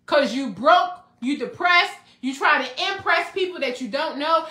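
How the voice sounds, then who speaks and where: Excitable woman preaching self-love. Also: very high-pitched, moderate pace, hardly any pauses, echoey room. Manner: excitable, preachy, rhetorical questions and repetition. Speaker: self-help speaker. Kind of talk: motivational preaching talk.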